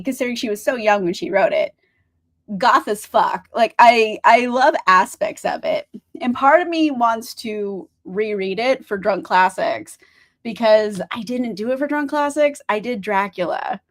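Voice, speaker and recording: A young woman streamer chatting casually about books, rambling, laughing often and filling her talk with "like," a bit tired. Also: on the high side. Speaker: book streamer. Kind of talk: casual livestream chat.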